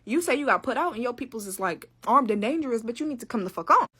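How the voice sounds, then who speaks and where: A woman's voice: fairly high pitch, quick pace, husky. A young woman telling a story in casual, profane talk, acting out what others said. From Detroit. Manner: animated, profane, quoting others in raised voices.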